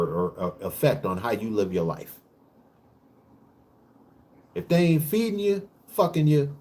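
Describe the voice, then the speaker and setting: A man hosting his own vlog, ranting in a casual monologue that is preachy, profane and emphatic, with rapid bursts and frequent restarts. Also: medium pitch, warm tone. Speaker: vlog host.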